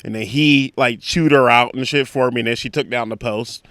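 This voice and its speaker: A man's voice: moderate pace, no room sound. A man, a comedian, telling a profane story in casual chat and acting out other people's voices. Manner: profane, animated, acts out other voices in high pitch. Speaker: comedian guest.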